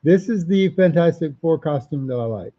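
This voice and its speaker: A man's voice: fairly high pitch, expressive, normal speed, muffled recording. A man hosting a live comic auction stream, chatting casually, repeating prices and titles and reading out viewer comments.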